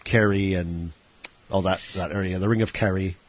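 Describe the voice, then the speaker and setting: A man's voice: low-pitched, steady tone, moderate pace, dry recording. A man hosting a radio show, joking around in a put-on Irish accent while taking calls. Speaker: radio host. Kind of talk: casual radio chat.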